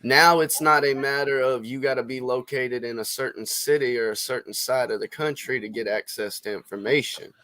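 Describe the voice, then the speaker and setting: A man with a mid-pitched voice calmly walks through his reasoning in a casual sports debate. He lays out each point in an even, lecturing way. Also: moderate pace, hardly any pauses. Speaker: podcast co-host.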